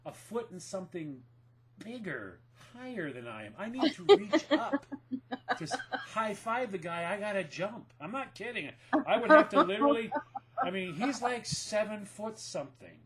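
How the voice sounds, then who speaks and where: A man's voice: high voice, very animated, normal speed, a crowd in the background. A middle-aged man co-hosting a casual chat, telling stories with a joking manner and frequent laughter. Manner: joking storyteller, laughs often. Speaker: podcast co-host.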